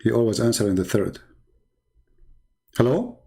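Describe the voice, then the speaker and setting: A man hosting a comic sketch, asking deadpan questions in a dry, hesitant way. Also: mid-range voice, moderate pace, gravelly, breathy edge, poor audio. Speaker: host.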